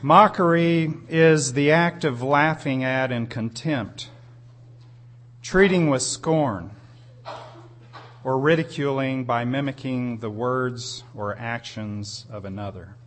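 Male preacher, sermon, very slow delivery, earnest storytelling, emphatic rises, mid-pitched voice. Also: a bit bright, a little hiss or hum. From United States.

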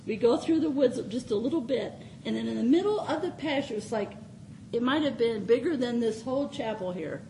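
A woman's voice: a little high, a little fast, dark tone, slight background noise, poor audio. An older woman giving an informal, folksy sermon in a small chapel, often laughing as she speaks. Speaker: preacher.

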